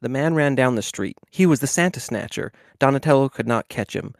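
A man reads a kids' picture book aloud at a steady clip, now and then tripping over a word and going back. His voice is dry and close, with no room sound at all. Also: medium pitch, brisk, vocal fry, no echo. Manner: steady reading with small slips and restarts. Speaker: podcast co-host. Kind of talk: dramatic reading of a children's book.

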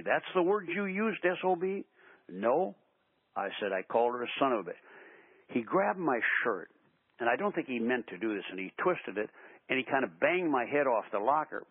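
An older man, a basketball coach, tells animated stories in a radio interview, acting out the quotes. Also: mid-range voice, breathy edge, no room sound. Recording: tinny phone-line sound.

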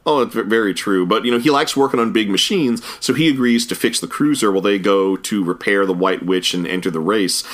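Uomo dalla voce bassa, recensione informale. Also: male voice, fairly quick, hardly any pauses, a bit bright. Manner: thoughtful, with frequent "uh" fillers and restarts. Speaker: podcast co-host. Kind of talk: casual review chat.

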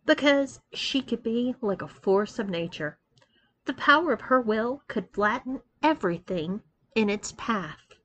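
A woman's voice: on the high side, animated, unhurried, a bit bright, a little hiss or hum. A woman reading a story aloud. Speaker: story reader.

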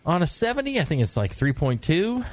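A middle-aged American man co-hosting a casual brewing talk show, joking and lively, sometimes putting on gruff voices. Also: a little high, fairly quick. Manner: animated, joking, mock-gruff put-on voices. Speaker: podcast co-host, brewing expert. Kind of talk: casual chat.

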